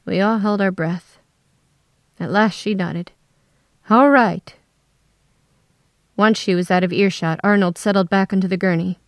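A woman telling a first-person story in a steady, scripted narration. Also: mid-range voice, moderate pace, no room sound, clean studio sound.

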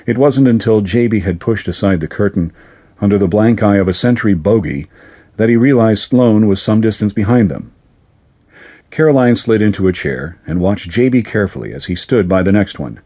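Low-voiced man reading a story. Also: lively intonation, moderate pace, warm tone, breathy edge. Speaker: narrator. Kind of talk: scripted story narration.

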